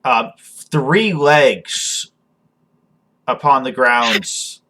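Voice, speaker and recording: A man narrating as game master of a tabletop game, halting with frequent ums and restarts. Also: mid-range voice, expressive, bright, forceful tone, slight background noise.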